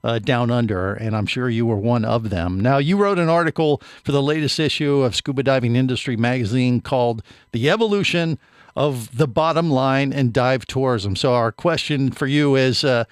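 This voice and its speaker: A man's voice: mid-range voice, dry recording, clean studio sound. A man hosting a podcast in a chatty, joking way, with many uhs. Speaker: podcast host.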